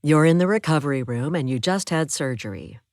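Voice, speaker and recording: A woman's voice: deep voice, animated, a little fast, a little mellow, no echo, studio quality. A woman voicing a soothing nurse. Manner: soothing, reassuring.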